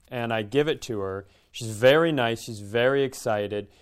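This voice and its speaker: Smooth-voiced man telling a rambling story. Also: medium pitch, moderate pace, few pauses. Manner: rambling anecdotes with quoted voices. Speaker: comedian podcast co-host. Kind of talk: casual storytelling chat.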